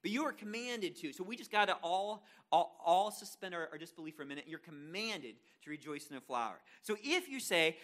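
A man's voice: sits high, animated, fairly quick, few pauses, fairly bright tone. A man preaching a sermon to a congregation in a conversational, self-deprecating way, with frequent restarts and asides. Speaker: pastor.

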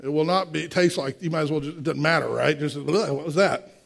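A man's voice: fairly high pitch, fast talker, vocal fry, fairly bright tone. A man in his sixties preaching a sermon, emphatic, with rhetorical questions and direct asides to the congregation. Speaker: pastor.

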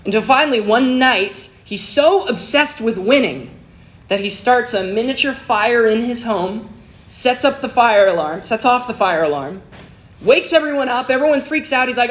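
A man preaching a sermon, telling a story with big swings between hushed and emphatic delivery. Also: very high-pitched, lively intonation, moderate pace. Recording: noisy recording with clicks.

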